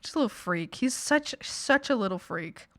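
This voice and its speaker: A woman's voice: on the high side, animated, normal speed, a bit bright, no echo, clean studio sound. A woman in her twenties chatting casually on stream, telling rambling family stories full of fillers and laughter. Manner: rambling, filler-heavy storytelling with frequent laughs. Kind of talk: casual chat.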